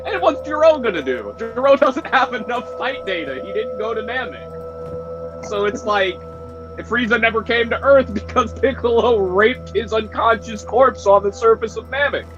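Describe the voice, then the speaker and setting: A man's voice: very high-pitched, lively intonation, normal speed, over music. A young man streaming, talking casually and animatedly, cursing and laughing as he retells scenes. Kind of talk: casual chat. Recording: dull lo-fi stream audio.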